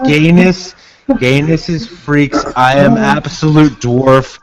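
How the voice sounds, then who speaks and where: A man's voice: fairly high pitch, slow pace, over a noisy crowd. A man in casual voice chat, joking, swearing and needling the others. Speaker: voice chat participant.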